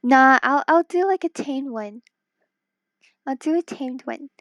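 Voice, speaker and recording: A woman streamer chatting casually with viewers while drawing, giggly and excitable, talking into wireless earbuds. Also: high-pitched, unhurried, no room sound.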